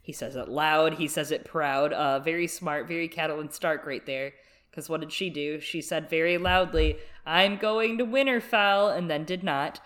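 A woman's voice: low-pitched, fairly even intonation, moderate pace. A woman co-hosting a podcast, recapping a book in a wry, jokey way. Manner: wry, jokey, puts on voices in quotes. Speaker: podcast co-host. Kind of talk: casual book discussion.

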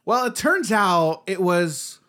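A man's voice: high voice, big pitch swings, slow, pushed and bright, clear, resonant tone. A man chatting casually on a podcast, recounting a tabletop game he played, rambling with restarts and frequent laughs. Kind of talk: casual chat.

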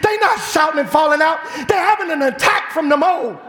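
A man preaching a fiery sermon in a church, with an animated, shouting delivery. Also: very high voice, a little fast. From Chicago. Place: church sanctuary. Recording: echoey church hall.

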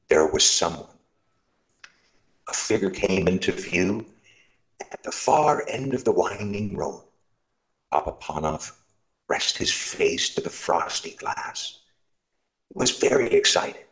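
Storybook reader, male, very low gravelly voice, slow and lively in pitch, for a Christmas service. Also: poor audio. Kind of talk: reading a Christmas story aloud.

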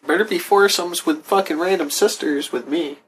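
A man's voice: sits high, normal speed, a bit bright, a little hiss or hum. A man co-hosting a podcast in casual banter, goofy and playing with broken Spanish for laughs. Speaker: podcast co-host.

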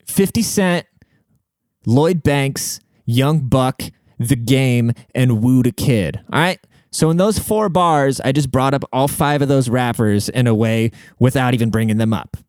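A man's voice: medium pitch, measured pace, a little mellow, smooth, no room sound, clean studio sound. Profane, rambling male podcast host. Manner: profane, rambling bro-talk with filler words. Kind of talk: casual chat, giving relationship advice.

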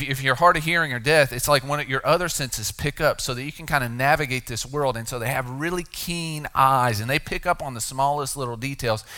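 Man, middle-aged, pastor, conversational sermon, dramatic pauses, bright tone. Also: medium pitch.

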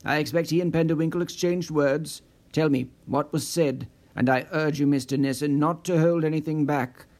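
A man voicing a brusque, insistent man who demands answers, in a lower, firmer voice than his own. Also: fairly even intonation, moderate pace, few pauses, lightly acted. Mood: urgent. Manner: forceful, insistent.

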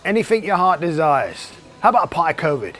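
A man's voice: fairly high pitch, big pitch swings, fairly quick, fairly bright tone, faint music behind, pitched above the performer's own voice. A man playing a cheerful pub landlord in a comedy sketch, breezy and matter-of-fact. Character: cheerful English pub landlord, male adult.

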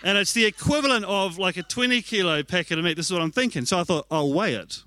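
A man preaching, telling animated, self-mocking stories and speaking candidly about himself. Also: high-pitched, fast talker, no echo. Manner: candid and confessional. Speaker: pastor. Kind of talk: sermon with personal storytelling.

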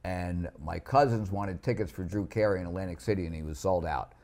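A man's voice: sits low, brisk, darkish tone. A man, a podcast guest, telling laid-back anecdotes in casual chat. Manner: laid-back anecdote teller, chuckles often. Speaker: guest, former club manager. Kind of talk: casual storytelling.

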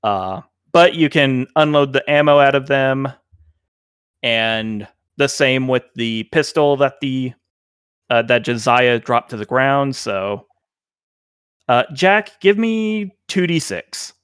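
A man narrating as game master, relaxed and rambling with many fillers. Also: medium pitch, slow, smooth, no echo, studio quality.

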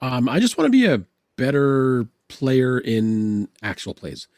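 A man's voice: medium pitch, big pitch swings, darkish tone, dry recording, clean studio sound. A chatty man co-hosting a casual livestream, who admits he talks a lot. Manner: chatty, quick to apologize after slips. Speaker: co-host.

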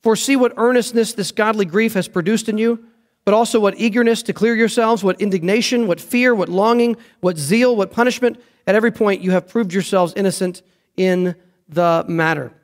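Male pastor, sermon, high voice, earnest, emphatic. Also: brisk. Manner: earnest, emphatic preaching with repeated phrases.

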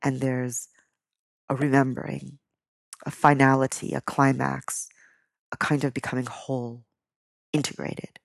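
A low-pitched woman with a gravelly edge to her voice, speaking as a spiritual coach. She talks softly and reflectively, pausing often. The recording is close and dry. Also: level tone, no room sound. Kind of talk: spoken talk then storytelling reading.

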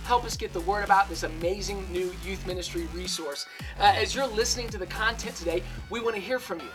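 A woman's voice: medium pitch, brisk. Upbeat woman reading a podcast intro. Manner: upbeat, promotional. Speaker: podcast co-host. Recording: music bed under voice.

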